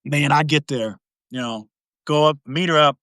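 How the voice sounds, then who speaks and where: A man hosting a podcast, telling a long dating story in a casual, animated way, acting out the quotes with big swings in pitch and volume. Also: moderate pace, no room sound, studio quality. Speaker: podcast host.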